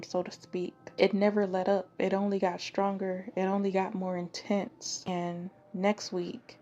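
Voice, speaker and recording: A woman's voice: lowish voice, dark tone, dull audio. A woman in her thirties hosting a podcast, telling a personal story in a loose, conversational way, cursing and laughing at herself. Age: 30s. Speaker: podcast host.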